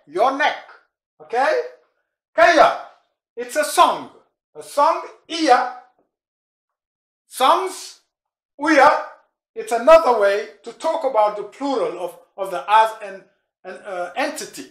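Slow, patient teacher in an echoey room. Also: medium pitch, fairly bright tone. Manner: repeats each word slowly and patiently, with asides on dialects. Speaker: language teacher. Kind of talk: vocabulary lesson, spelling out words. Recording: roomy echo.

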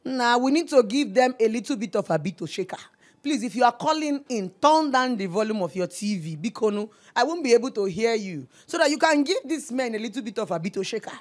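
A woman's voice: fairly high pitch, expressive, fairly quick. A Nigerian woman in her thirties hosting a live call-in show, effusive and affectionate, calling callers darling and mixing in Pidgin. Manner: effusive, mixes Pidgin, calls everyone darling. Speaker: radio show host taking calls.

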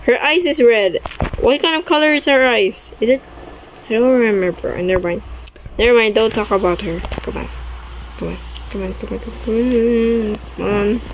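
A woman's voice: fairly high pitch, moderate pace, slight background noise, rough recording. A young woman commenting on her own gameplay, easily startled, with frequent exclamations and non-native English grammar. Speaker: gaming video creator.

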